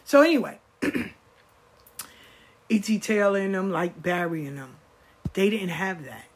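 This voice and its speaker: A woman's voice: mid-range voice, lively intonation, measured pace, husky. A woman telling a story in a casual monologue, emphatic and repeating phrases as she quotes people she has talked to.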